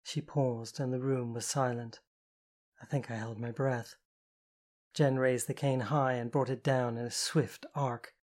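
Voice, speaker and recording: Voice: mid-range voice, steady tone, measured pace, darkish tone. Intimate first-person audiobook narrator.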